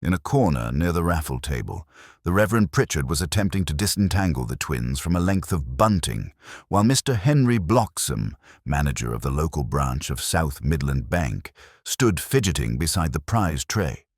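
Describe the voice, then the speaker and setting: A man reading a cozy mystery story aloud, his voice extremely deep and resonant in the low end. He tells it with a lively, rolling lilt, and the recording is close and completely dry. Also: slightly rough, dry recording. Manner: measured, expressive storytelling. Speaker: narrator. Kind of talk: scripted storybook narration.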